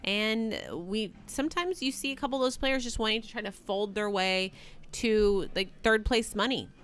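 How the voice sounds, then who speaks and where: A woman co-hosting a live poker stream, chatty and quick to laugh, reading payouts and thanking viewers. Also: medium pitch, a bit bright, clear, resonant tone. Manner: chatty, laughs easily, reads out viewer names. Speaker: poker co-commentator.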